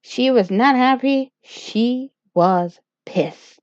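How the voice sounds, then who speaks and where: Playful woman telling a comic tale, unhurried and rambling; dry, lo-fi sound. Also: on the high side, no echo. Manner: rambling, self-deprecating, playful. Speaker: storyteller. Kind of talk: comic first-person storytelling. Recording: dull lo-fi dry recording.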